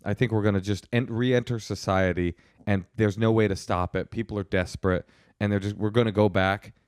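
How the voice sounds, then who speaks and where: A man co-hosting a podcast from home, chatting casually with wry, deadpan storytelling. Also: fairly low pitch, a little fast, smooth, no echo, clean studio sound. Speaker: podcast co-host. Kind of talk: casual chat. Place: home studio.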